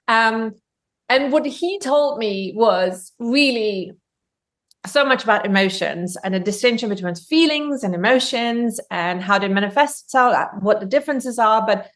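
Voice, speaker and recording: A woman's voice: mid-range voice, fairly bright tone. A woman from Germany, a guest author on a podcast, telling stories in a chatty way with many ums and restarts. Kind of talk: podcast interview.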